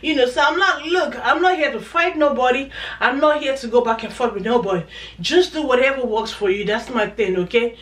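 A woman's voice: high voice, a little fast, fairly bright tone. A woman talks straight to her viewers in a chatty, emphatic way and circles back to repeat her points. Her voice sits some distance from the mic. A noticeable room echo surrounds every word. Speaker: vlogger. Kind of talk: casual chat to camera.

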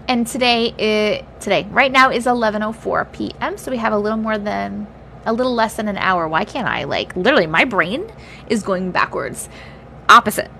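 A woman hosting a livestream, reading viewers' stories aloud with feeling, pausing to react and teasing her chat bluntly. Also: on the high side, gravelly, pushed and bright, a little hiss or hum.

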